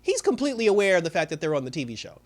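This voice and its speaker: A man's voice: high voice, big pitch swings, rapid-fire. A man giving a casual recap of a TV episode, rambling along with many fillers. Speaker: TV show reviewer.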